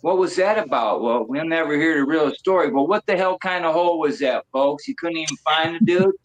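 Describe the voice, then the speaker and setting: A man's voice: a little high, a little fast, poor audio. A man in his sixties chatting casually on a stream, rambling, swearing and laughing often. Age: 60s.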